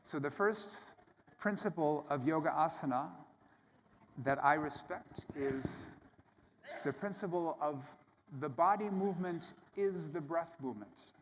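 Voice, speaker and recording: A man teaching yoga to a live audience on a microphone, calmly cueing breath and movement step by step. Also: fairly high pitch. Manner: calm, gentle, step-by-step cueing. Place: large hall at a yoga summit. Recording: long hall reverb with faint room ambience.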